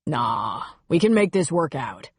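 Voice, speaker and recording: A woman voicing a cocky male airline first officer who speaks in a calm, lazy drawl and brushes off criticism. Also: deep voice, measured pace, husky, dry recording, clean studio sound, heavily acted. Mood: dismissive.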